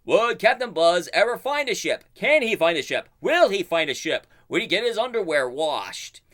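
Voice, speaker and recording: A man's voice: sits high, very animated, normal speed, fairly bright tone, voice pushed up. A man imitating a dramatic male cartoon narrator with an announcer-style delivery.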